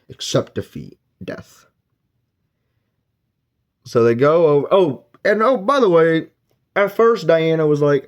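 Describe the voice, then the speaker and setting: A man's voice: medium pitch, expressive, unhurried, pauses often, darkish tone, muffled recording. A man giving a casual, rambling spoken book review, retelling the plot and briefly acting out characters' lines. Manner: rambling plot recap with filler words.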